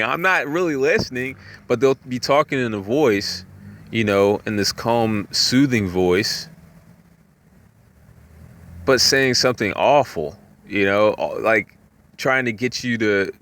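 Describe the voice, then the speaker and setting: A man talking in a rambling, casual monologue, full of "you know" fillers, sometimes jumping up in pitch to act out voices. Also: a bit bright. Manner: acts out voices with jumps in pitch.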